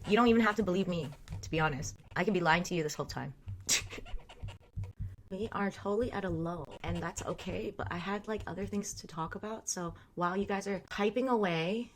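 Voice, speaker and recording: A woman's voice: on the low side, fairly quick, a little hiss or hum. A woman in her thirties hosting a casual livestream, reading chat aloud and talking frankly with frequent laughter. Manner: frank, chatty, laughs often. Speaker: livestream host.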